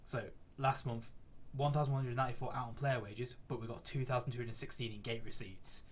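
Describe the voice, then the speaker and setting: A man's voice: medium pitch, steady tone, brisk, a little hiss or hum. A young man casually commentating on his football management game, chatty and easily exasperated by poor play. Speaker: gaming YouTuber. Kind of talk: gameplay commentary.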